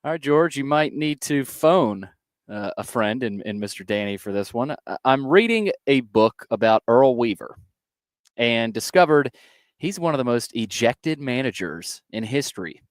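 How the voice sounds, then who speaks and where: A man's voice: medium pitch, animated, moderate pace, no echo, clean studio sound. A man co-hosting a sports talk radio show, upbeat and reading sponsor lines. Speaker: radio co-host.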